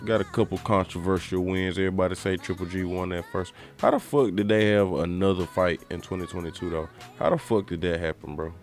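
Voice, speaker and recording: A man's voice: a little fast, few pauses, faint music behind. A man co-hosting a podcast, chatting casually about boxing in heavy slang and cursing freely. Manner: animated, slangy, swears a lot, mimics people in a high voice. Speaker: podcast co-host.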